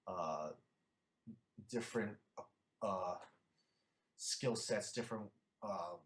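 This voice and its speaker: A young man from Philadelphia, a guest in a casual interview, talking haltingly with many fillers and restarts. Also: on the low side, reverberant.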